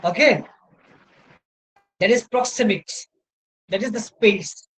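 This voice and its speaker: This high-pitched, slightly bright male voice belongs to a lecturer with an Indian English accent who takes it slowly while teaching online through his laptop mic indoors. He rambles and keeps checking in with "right?" and "you know," and the audio is poor.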